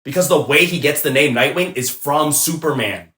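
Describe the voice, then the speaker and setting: A young man chatting casually on a podcast, retelling stories with animated enthusiasm. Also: on the high side, moderate pace. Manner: excited, animated storytelling with laughs. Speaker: podcast co-host. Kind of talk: casual chat. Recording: roomy echo.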